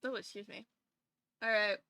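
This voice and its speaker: A woman's voice: mid-range voice, steady tone, normal speed, bright, forceful tone, no room sound. A woman streaming live and chatting casually with her viewers in a bubbly, gushing way. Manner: bubbly, chatty, gushing over cute things.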